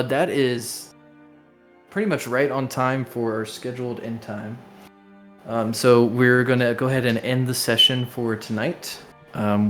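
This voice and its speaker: Young man running a game, filler-heavy. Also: mid-range voice. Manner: rambling, relaxed explanations with many fillers. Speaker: game master. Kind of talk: running a tabletop game over voice chat. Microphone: online voice call.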